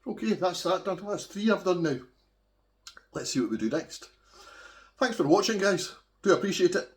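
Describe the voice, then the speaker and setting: A man's voice: high voice, expressive, moderate pace. Scottish man, casual cooking vlog, roomy kitchen, mic a bit far off, pots clattering faintly. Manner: chatty, homely, talks to viewers as he cooks. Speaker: home cook vlogger. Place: home kitchen.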